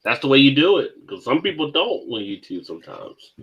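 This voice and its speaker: A man co-hosting a casual beer live stream, easygoing, laughing often and shouting out other channels. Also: medium pitch, very animated, brisk, slightly rough, low-quality recording.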